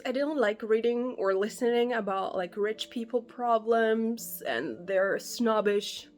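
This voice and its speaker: A woman giving her reactions in a casual book vlog, animated and exasperated, laughing often and swearing, recorded on a phone held at arm's length. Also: fairly high pitch. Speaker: book vlogger.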